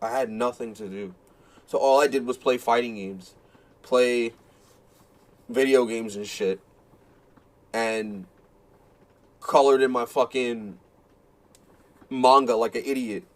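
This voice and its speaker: A man's voice: mid-range voice, fairly even intonation, slow pace, long pauses. Profane rambling male streamer. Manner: rambling, profane, self-mocking storytelling; keeps repeating himself in exasperation. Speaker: fighting game streamer. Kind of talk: casual live-stream chat.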